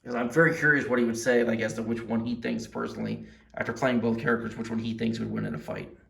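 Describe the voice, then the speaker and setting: A man with a gravelly, mid-pitched voice, talking through a collectible figure he owns. He rambles with excitement, trips over restarts and fillers, and keeps circling back to how impressed he is. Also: fast. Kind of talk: casual show-and-tell review.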